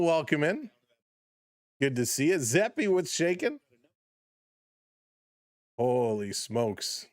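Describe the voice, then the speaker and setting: A man calls a baseball game for his live stream in a fairly high voice. He keeps it loose and joking, laughing often as he greets viewers in the chat. The recording is dry and close. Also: dry recording. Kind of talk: casual play-by-play with chat shout-outs.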